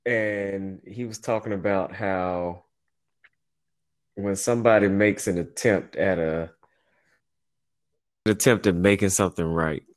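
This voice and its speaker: A man's voice: deep voice, fairly even intonation, measured pace, pauses often, no room sound, clean studio sound. A man hosting a casual podcast, telling stories in a slangy, laid-back way with frequent laughs and restarts. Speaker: podcast host and business owner.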